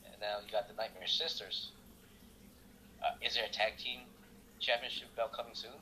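A man's voice: fairly low pitch, steady tone, normal speed, pushed and bright, a little hiss or hum, poor audio. A man giving blunt, opinionated takes in a casual chat about wrestling, often laughing as he talks.

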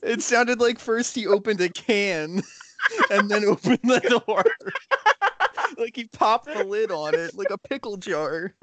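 A man's voice: sits high, a little slow, fairly bright tone, slight background noise. A young man co-hosting a casual podcast with friends, laughing often and restarting his sentences as he rambles. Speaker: podcast co-host. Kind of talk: casual chat.

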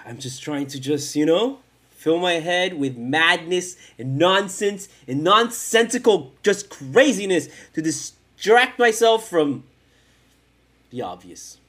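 A man hosts a casual solo podcast from home, talking into a desk mic while streaming. He rambles and swears freely, mocking himself as he goes. His pitch swings widely, from low mutters up to sing-song chants. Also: expressive, takes it slowly, a bit bright. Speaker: podcast host. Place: at home in front of a camera.

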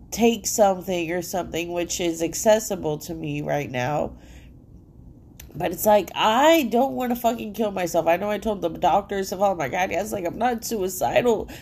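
A woman's voice: mid-range voice, measured pace, long pauses, darkish tone. A woman hosting her own podcast from home, rambling in a casual, profanity-laced monologue full of "like," her nose congested. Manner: profane, rambling, heavy filler "like". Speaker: solo podcast host.

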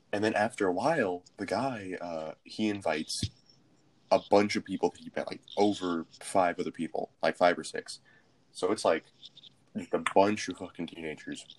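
A young man co-hosting a podcast, telling a rambling, profane story in casual chat. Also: low-pitched. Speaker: podcast co-host.

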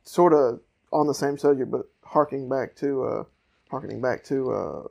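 A man's voice: mid-range voice, moderate pace, creaky, darkish tone. A man from the American South with a Southern accent, an easygoing co-host who rambles and laughs often in casual chat.

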